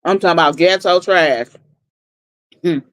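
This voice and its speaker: Brief: blunt livestreamer retelling a night out, mid-pitched, dry close sound. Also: a little slow, no room sound. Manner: blunt and profane, repeating lines for emphasis. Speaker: livestream host. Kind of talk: heated storytelling recap.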